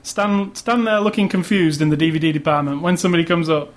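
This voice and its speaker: A man's voice: a little high, fairly even intonation, fast. A man co-hosting a podcast in casual chat, rambling and laughing as he jokes. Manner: rambling, jokey, laughs often. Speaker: podcast co-host.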